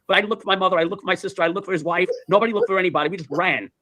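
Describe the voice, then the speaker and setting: A man's voice: high-pitched, very fast. A man casually telling a story, acting out the dialogue, swearing and laughing as he goes. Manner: animated storytelling, acts out dialogue, swears, laughs mid-sentence. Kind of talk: casual anecdote.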